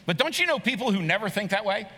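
A middle-aged male pastor preaches with earnest emphasis and a high, ringing tone. His bright, forceful voice carries a long hall reverb from a large sanctuary. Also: sing-song, fast talker. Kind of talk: sermon.

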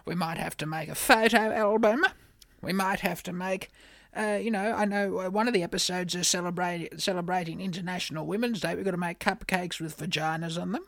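A woman's voice: fairly low pitch, brisk, vocal fry, no room sound. A woman playing a flustered, scatterbrained older woman who rambles and stumbles over her words in a comedy podcast. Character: flustered older woman, a would-be reality contestant.

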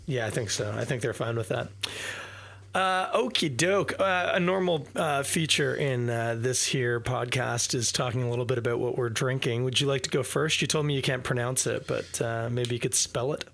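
A man hosting a podcast in casual chat, relaxed and hesitant, with many fillers. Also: mid-range voice, moderate pace, vocal fry. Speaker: podcast host.

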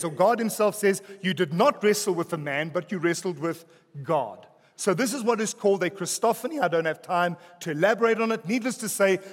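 Pastor guy preaching, highish voice, drops quiet for emphasis, big church reverb. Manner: preaching with dramatic pauses, drops soft on key words; joking asides to the congregation. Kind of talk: sermon. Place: church hall. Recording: long reverb of a church hall.

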